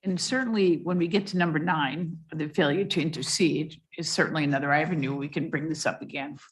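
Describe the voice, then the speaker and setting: Low-pitched woman chairing a commission meeting; casual, thinks on her feet. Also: fairly quick. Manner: informal, thinks aloud. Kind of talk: meeting discussion.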